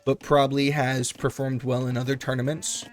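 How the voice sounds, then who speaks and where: A man casting a strategy game tournament live on stream, chatty and joking with quick asides. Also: medium pitch, fairly even intonation, soft background music.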